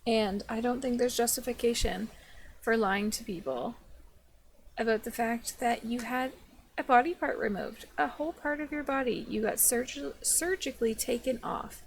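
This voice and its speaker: Woman, reaction commentator, blunt and sarcastic, raspy fry, higher voice. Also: moderate pace, slight background noise. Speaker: commentary YouTuber.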